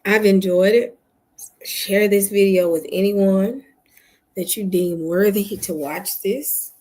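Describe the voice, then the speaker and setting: A woman's voice: medium pitch, slow pace, warm tone, rough recording. A woman hosting a casual late-night livestream from home, tired and sleepy, chatting directly to her viewers. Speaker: channel host.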